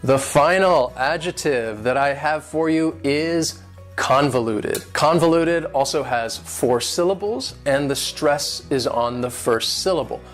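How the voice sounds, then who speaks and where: A man's voice: a little high, unhurried, soft background music. A man teaching English vocabulary, patiently breaking words into syllables and stress. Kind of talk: vocabulary and pronunciation lesson.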